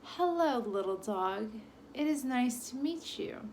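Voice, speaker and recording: A woman voicing a sly wolf who speaks in a smooth, polite, coaxing way. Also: on the high side, expressive, slow, a little mellow, slight background noise, pitched above the performer's own voice.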